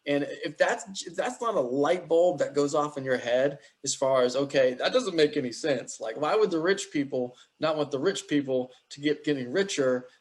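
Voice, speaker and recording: Male co-host, rambling, opinionated, casual, slightly raised pitch. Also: animated, moderate pace, hardly any pauses. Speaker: podcast co-host. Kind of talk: casual political chat.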